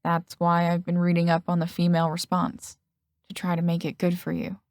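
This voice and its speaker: A woman's voice: on the low side, completely flat delivery, a little fast, a little mellow, dry recording, studio quality, natural voice. A woman voicing an earnest, slightly hesitant young man in an audiobook.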